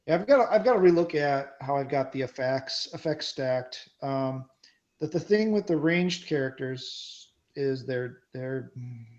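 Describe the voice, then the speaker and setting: A man's voice: medium pitch, a little mellow, highs cut off. A man playing a card game, chatting casually and thinking aloud about his moves. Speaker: card game player and co-host. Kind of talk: casual gameplay chat.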